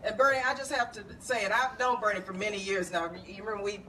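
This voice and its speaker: A woman's voice: medium pitch, fast talker, pushed and bright. A woman, a congresswoman hosting a reception, speaking conversationally with wry laughs, recorded from a distance. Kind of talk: speech introducing speakers. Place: bar reception room, indoors. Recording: distant camera with background noise.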